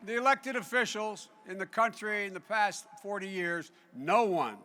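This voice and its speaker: A man's voice: high voice, normal speed, few pauses. An older man giving a folksy convention speech, often raising his voice over an audience. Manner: loud, folksy, raises voice over applause. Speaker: political speaker. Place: large convention hall.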